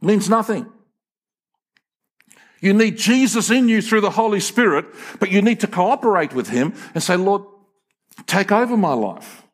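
A man's voice: sits high, animated, moderate pace. A man, preaching a sermon in a folksy, emphatic storytelling way with frequent restarts. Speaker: pastor.

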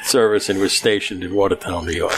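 A man hosting a casual podcast chat in a cigar lounge, talking in a relaxed, drawling way with filler words. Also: deep voice, brisk, background noise. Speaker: podcast host. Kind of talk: casual chat among friends.

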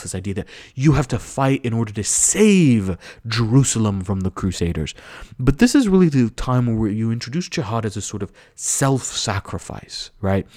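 American male lecturer, low-pitched, earnest explainer, dry mic. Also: a little mellow, dry recording. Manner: earnest, explanatory, occasional restarts and fillers. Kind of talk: history lecture.

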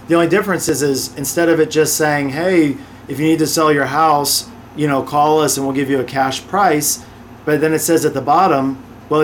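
A man with a slightly higher voice than most talks through his experiences as an interview guest. He tells each story with animated energy and slips into quick impressions of other people along the way. A faint hiss sits under the recording. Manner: animated, acts out customers' voices in quick asides. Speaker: podcast guest, real estate investor and author.

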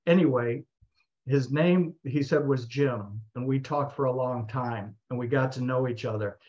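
A man's voice: medium pitch, moderate pace. Man telling a story, slightly muffled. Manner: animated narration with voiced quotes. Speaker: speaker. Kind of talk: storytelling talk.

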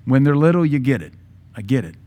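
A man in his forties preaching a sermon with passion, using dramatic pauses and acting out voices from scripture. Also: medium pitch, big pitch swings, warm tone. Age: 40s. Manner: impassioned, dramatic pauses, mimics Bible voices.

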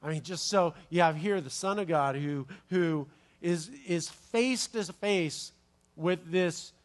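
A man preaching a sermon, telling a Bible story with playful asides and quick restarts. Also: a little high. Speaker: pastor.

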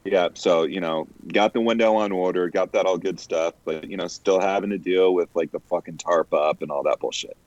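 A man's voice: sits low, a little fast, hardly any pauses, no echo. A man in casual chat, telling stories full of swearing and voiced asides. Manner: profane storytelling, animated quoted asides. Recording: dull lo-fi sound, dry.

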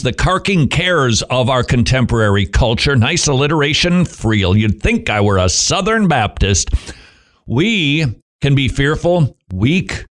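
A man delivers devotional commentary at a middle pitch, his voice rising and falling with lively swings. He breaks up his points with wry, self-mocking asides. He presses listeners with pointed rhetorical questions.

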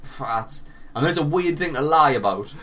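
Co-hosting a podcast, a young man laughs and swears his way through a lengthy embarrassing story, lowering his voice whenever he quotes someone. His voice is a little high, sharp, and animated, and fairly quick. He sits far from the mic, with slight background noise.

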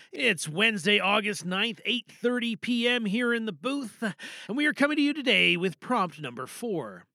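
A man hosting an audio theatre podcast from his booth, chatty and quick with his asides. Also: sits high, sing-song, creaky, no room sound. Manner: chatty, rushes through asides, trails off quietly. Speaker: podcast host. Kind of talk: casual show hosting. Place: home recording booth.

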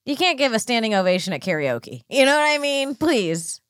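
A fairly high woman's voice that swings widely up and down as she jokes, swears and teases her co-host. Her casual comedy-podcast banter sits close to the mic in a dry, dead room. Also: very animated, fairly quick, fairly bright tone, dry recording. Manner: profane, teasing, jumps into silly mock voices.

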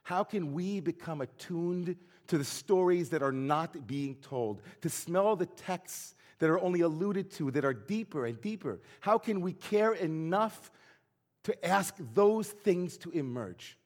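A man's voice: a little high, lively intonation, measured pace, darkish tone, long reverb tail. A man who is a rabbi, delivering an earnest, reflective sermon full of searching questions.

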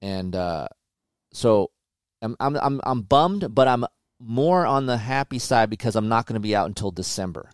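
A man in his forties co-hosting a podcast, telling his story in a casual, animated and impatient way, with many restarts. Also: fairly low pitch, moderate pace, smooth, dry recording, studio quality. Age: 40s. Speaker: podcast co-host. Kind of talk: casual chat.

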